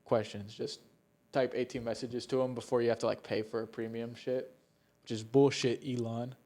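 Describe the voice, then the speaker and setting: A man's voice: medium pitch, level tone, moderate pace, dark tone. Rambling, swearing young man on a podcast. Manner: rambling, swears a lot, laughs mid-sentence. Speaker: podcast co-host. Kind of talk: casual chat.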